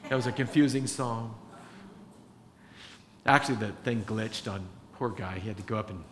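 A man preaching a sermon to his church, impassioned, swinging between hushed confession and loud emphasis. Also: lowish voice, normal speed. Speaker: pastor. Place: church sanctuary. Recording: church hall reverb with faint room noise.

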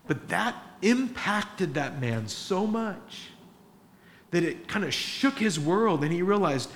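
A man's voice: high voice, animated, normal speed, slight background noise. A man preaching a sermon as pastor, earnest and rising into emphatic exhortation.

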